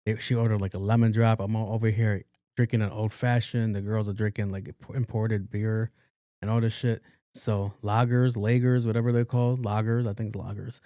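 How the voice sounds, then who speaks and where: A man's voice: on the low side, little pitch movement, fairly quick, dark tone, dry recording, studio quality. Profane, casual storytelling man. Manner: casual, profane, acts out the voices in his stories. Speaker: podcast host.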